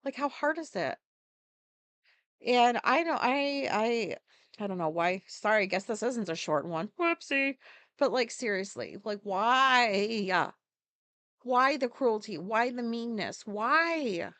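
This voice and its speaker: A woman's voice: on the high side, expressive, slow pace, fairly bright tone, no echo. A woman hosting a podcast, speaking as a casual solo monologue with profane, exasperated ranting. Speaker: podcast host.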